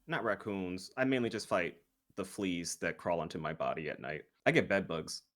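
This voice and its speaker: Easygoing low-voiced man, playful. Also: normal speed, a bit bright. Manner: easygoing, playful, goes along with jokes. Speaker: guest YouTuber. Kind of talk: improvised comedy chat.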